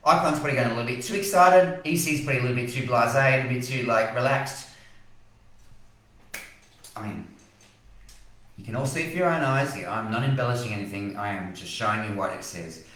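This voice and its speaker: A man's voice: medium pitch, brisk, pauses often, fairly bright tone, far from the mic. An Australian man hosts a live weather stream and rants with real passion about forecast models. His voice sounds set back from the microphone, and a strong room echo hangs on every word. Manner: passionate, ranting, apologetic. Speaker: weather page host.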